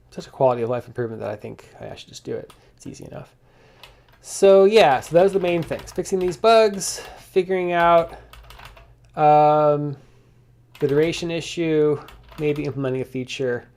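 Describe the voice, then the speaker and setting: A man's voice: on the high side, a little mellow. Man, casual coding vlog, rambling, thinks aloud, restarts often, keyboard clacking behind. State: slightly out of breath. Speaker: software developer streaming his coding. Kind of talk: casual spoken coding log.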